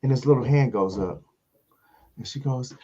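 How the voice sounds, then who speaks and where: A man, a comedian hosting a casual show and telling a story, acting out other people in high voices. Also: normal speed, highs cut off. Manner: animated storyteller, acts out voices in high pitch.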